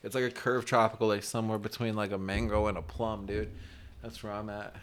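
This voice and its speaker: A man's voice: fairly low pitch, little pitch movement, a little fast. A young man co-hosting a podcast, talking in a laid-back, slangy way and laughing often. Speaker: podcast co-host. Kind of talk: casual chat.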